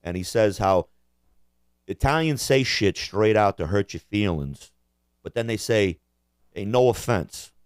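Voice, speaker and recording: Low-voiced man ranting profanely. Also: lively intonation, a little slow, clear, resonant tone, dry recording, clean studio sound. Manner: rambling, profane, jokey impressions. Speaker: podcast co-host. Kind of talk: crude casual rant.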